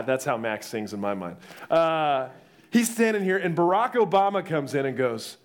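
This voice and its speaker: Lively young man preaching. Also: fairly high pitch, moderate pace. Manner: lively storytelling, acting out voices. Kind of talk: sermon.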